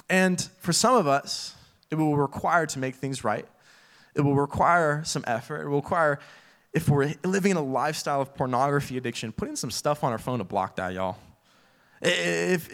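A man's voice: fairly high pitch, a bit bright. A young man preaching a casual sermon full of fillers, acting out little quoted voices as he talks.

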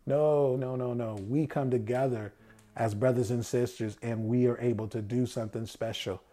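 A man's voice: mid-range voice, fairly even intonation, normal speed, warm tone. A man giving a conversational sermon. He often asks rhetorical questions and answers them himself, and he acts out the voices of people he quotes.

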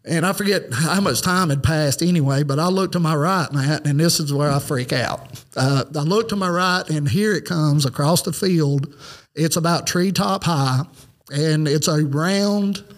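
A man's voice: a little high, unhurried. A man, telling a personal story as a podcast guest in a rambling, earnest way. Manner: rambling, earnest, lots of "you know" fillers. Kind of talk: casual storytelling.

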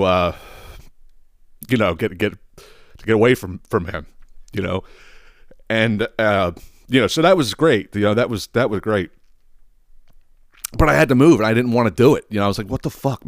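Podcast guy with a lowish voice, swearing and laughing through a story, dry close sound. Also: normal speed, pauses often, no room sound. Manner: profane, animated, laughs often; many fillers and restarts. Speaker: podcast host. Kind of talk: casual storytelling monologue.

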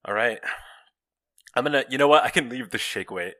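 A man playing a tabletop game, talking in an animated, chatty way. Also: mid-range voice, brisk. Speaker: player. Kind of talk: casual in-character play.

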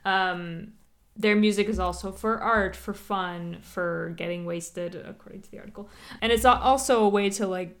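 A woman's voice: mid-range voice, moderate pace. A woman hosting a podcast, chatting casually and explaining a topic with lots of fillers and asides. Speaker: podcast host.

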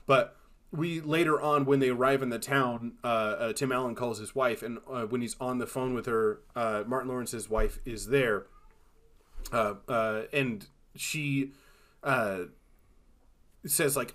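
Male podcast co-host, mid-pitched, animated and profane, acts out movie lines. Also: measured pace. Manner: animated, swearing, acts out quotes in exaggerated voices. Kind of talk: casual chat.

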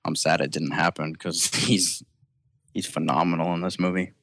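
A man chatting casually about a film on a podcast, upbeat and quick to chuckle. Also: sits low, little pitch movement, vocal fry, a bit bright, dry recording. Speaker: podcast co-host.

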